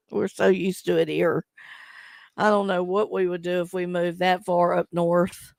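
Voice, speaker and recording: A woman's voice: on the low side, little pitch movement, slow, creaky, dry recording, clean studio sound. A woman hosting a casual live stream, chatting with viewers, teasing them and laughing often as she reads the chat aloud. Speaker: livestream host.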